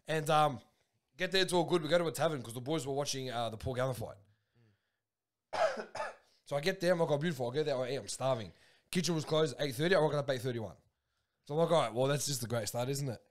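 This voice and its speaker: Young Australian guy, podcast co-host, slightly high voice, lively slangy storyteller. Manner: animated, slangy, acts out his own reactions. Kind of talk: casual storytelling chat.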